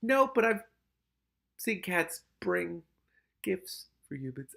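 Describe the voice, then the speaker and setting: A man's voice: high voice, very animated, slow, vocal fry, long pauses, pushed and bright. A man reading a novel aloud, often breaking off to react and exclaim. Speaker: reader and commentator.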